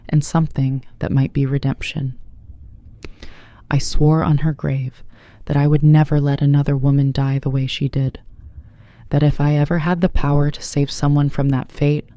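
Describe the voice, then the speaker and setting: Protective mafia boss, calm and measured, mellow dark tone, dry close sound, as read by the narrator. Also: mid-range voice, clear, resonant tone, dry recording, natural voice. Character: protective mafia boss man, cold and controlled. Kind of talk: scripted audiobook narration.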